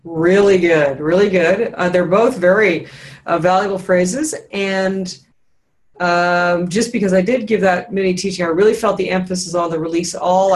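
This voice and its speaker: This is a woman leading a breathwork session over a video call. She coaches in an encouraging, instructive way and slows down to model each guided phrase. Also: on the low side.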